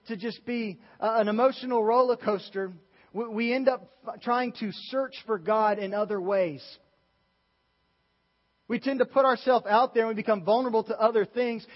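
High-voiced passionate young preacher in a hall. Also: male voice. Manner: passionate, emphatic preaching with many restarts. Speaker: youth pastor. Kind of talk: sermon. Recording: dull sound with long reverb in a large hall.

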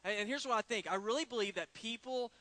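Male pastor, higher bright voice, dry close sound; conversational sermon full of rhetorical questions. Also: fast talker, no echo. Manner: conversational preaching with rhetorical questions and retold stories.

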